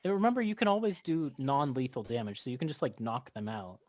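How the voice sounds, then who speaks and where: A man running a tabletop game as game master, narrating in a relaxed way with lots of fillers. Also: medium pitch, quick pace.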